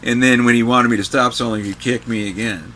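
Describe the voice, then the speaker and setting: An older man in his sixties, from New York, reminisces casually as a guest. His talk rambles, looping through fillers and restarts, at an ordinary middle pitch. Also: steady tone, fairly quick, sharp tone, slight background noise. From New York, USA. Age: 60s. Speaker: guest guitarist. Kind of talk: casual anecdotal storytelling.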